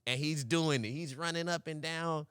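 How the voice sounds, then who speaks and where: A young man co-hosting a podcast, telling a story in casual chat, animated and laughing often, acting out voices. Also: a little high, moderate pace, clear, resonant tone, no echo, studio quality. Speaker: podcast co-host.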